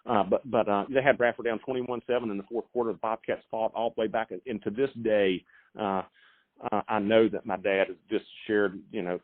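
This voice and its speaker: Middle-aged male coach, stammering restarts, low voice, dry tinny phone line. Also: fairly even intonation, no room sound. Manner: halting, many repeated words and fillers. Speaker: high school football coach. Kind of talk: phone interview.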